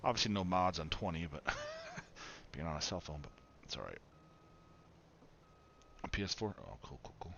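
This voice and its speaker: Deep-voiced man rambling on a game stream. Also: huge pitch swings, normal speed, creaky, long pauses, a bit bright. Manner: rambling, chatty, laughs often. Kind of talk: casual live-stream commentary. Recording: dull lo-fi stream mic with faint noise.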